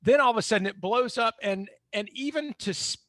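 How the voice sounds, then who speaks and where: A man hosting a podcast who thinks out loud in a casual way and swears lightly. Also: very high-pitched, fairly quick, no room sound. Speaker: podcast host.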